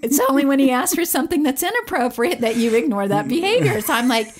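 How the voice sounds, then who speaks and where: A woman's voice: high voice, lively intonation, fast talker. Woman podcast co-host, chatty storyteller, laughs easily, acts out quotes. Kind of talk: casual storytelling chat.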